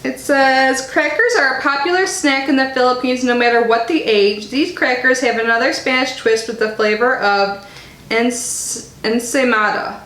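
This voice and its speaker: A woman's voice: sits high, normal speed, a bit bright. A woman casually chatting in an unboxing vlog, reading snack labels aloud and talking while she chews. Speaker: subscription box reviewer. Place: home in Florida. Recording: echoey room with faint noise.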